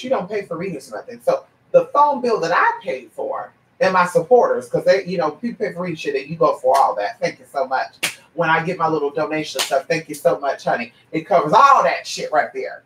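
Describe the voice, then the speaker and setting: Speaking briskly in a low voice, a trans woman who sells psychic readings launches into a profane, sassy vlog rant aimed straight at her viewers. She gets animated and imitates other people as she tells her stories, with the mic distant and the room echoing.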